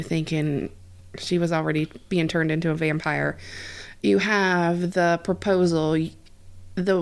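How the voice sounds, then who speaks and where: A woman co-hosting a casual podcast from a home kitchen, talking through details in a conversational way. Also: lowish voice. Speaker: podcast co-host. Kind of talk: casual chat.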